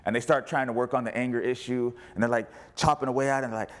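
A man preaching as a pastor, animated, rising to loud cries and dropping to quiet asides. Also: medium pitch, rapid-fire. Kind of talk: sermon.

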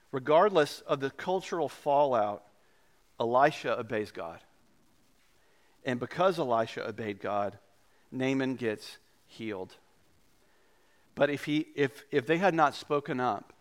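A male pastor preaching a sermon in a conversational, animated way. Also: medium pitch.

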